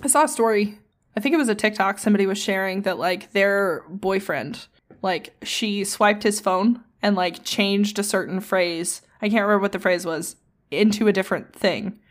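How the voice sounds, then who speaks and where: A woman co-hosting a podcast, telling stories in a chatty, casual way with frequent swearing and quick asides. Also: medium pitch. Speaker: podcast co-host.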